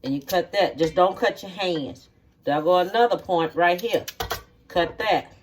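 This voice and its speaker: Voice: medium pitch, a little hiss or hum. A home cook, giving a cooking demonstration in a kitchen, repeating each step and checking in with "okay?" along the way. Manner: slow, repetitive instructions, checking in with "okay?".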